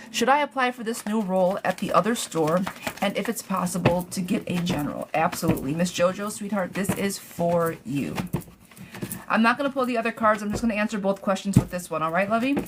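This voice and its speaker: A woman with a medium-pitched voice talks a little fast over background noise. She's a tarot reader on a live stream, answering viewers' questions in a chatty, blunt style, swearing freely and calling them girl and love bug. She gets riled up and rants, then calms herself down.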